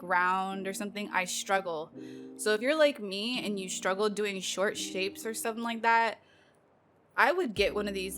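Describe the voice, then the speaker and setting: A chatty woman vlogger runs through a haul of nail supplies in loose, filler-heavy talk, peppered with playful exasperation. Her pitch sits in an ordinary middle range. Soft music plays faintly underneath. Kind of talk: casual product unboxing chat.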